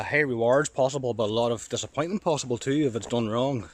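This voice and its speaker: A Northern Irish man talks to his camera while walking a dog through the countryside, slightly out of breath from the walk. He sounds excited and thinks out loud in loose, rambling sentences. His pitch sits in an ordinary middle range. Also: fairly quick, few pauses. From Northern Ireland. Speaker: storm chaser vlogger. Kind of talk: casual vlog monologue.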